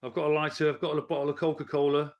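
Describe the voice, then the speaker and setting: Blunt male streamer, slightly high voice, swearing and ranting at chat from his lounge. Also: level tone, very fast, darkish tone. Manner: blunt, profane, heated. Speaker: livestreamer and commentator. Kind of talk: live stream rant to chat. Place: his living room at home.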